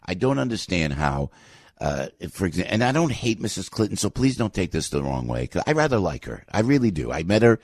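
A man hosting a talk radio show, giving a fired-up, rambling opinion monologue that swings from loud outbursts to low asides. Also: sing-song, a little fast, dry recording, studio quality.

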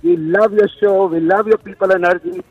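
Excited high-voiced caller from Pakistan. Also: male voice, a little fast, husky, dry recording, muffled recording, soft background music. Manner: excited, effusive, hesitant on answers. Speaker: radio caller. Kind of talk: phone-in quiz contestant.

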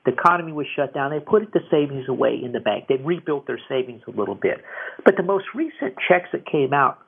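Gravelly man on a tinny radio line. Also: mid-range voice, animated, fast talker. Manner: rambling, with many repeated restarts. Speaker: radio financial advice show host. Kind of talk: casual call-in radio talk. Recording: tinny phone-like radio audio.

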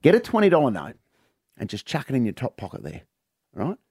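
A man voicing an eager, reassuring bloke at a pub, in a high excitable voice. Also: brisk, slightly rough, no room sound, studio quality, exaggerated voice. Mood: urgent.

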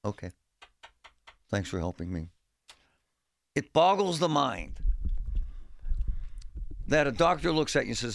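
A man's voice: mid-range voice, big pitch swings, unhurried, gravelly, long pauses, no echo. A man hosting a talk radio show, speaking bluntly in a fed-up, folksy way. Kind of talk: opinionated talk radio monologue. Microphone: studio microphone.

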